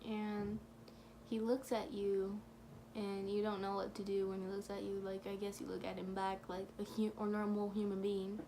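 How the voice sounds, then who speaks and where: A woman's voice: medium pitch, completely flat delivery, normal speed, mellow, slight background noise. A woman telling a rambling, gushing story for her vlog, leaning on "like" again and again. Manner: gushing, rambling, heavy use of "like". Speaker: vlogger.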